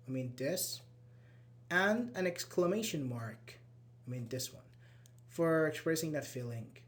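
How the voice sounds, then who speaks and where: Guy teaching english grammar, kinda high voice, patient, acts out annoyed examples. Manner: explains patiently, acts out irritated example lines. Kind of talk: live online grammar class.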